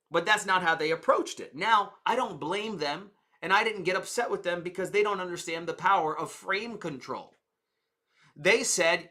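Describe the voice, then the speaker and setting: A man's voice: sits high, normal speed, sharp tone. A man teaching communication and sales in a conversational way, explaining with stories and examples. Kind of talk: teaching talk to camera.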